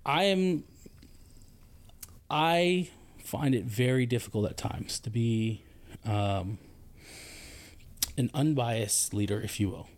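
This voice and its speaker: A man, a soldier and podcast co-host, telling a story in casual chat, his voice climbing high when he gets indignant. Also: takes it slowly, pauses often. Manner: animated storytelling, rising pitch when indignant.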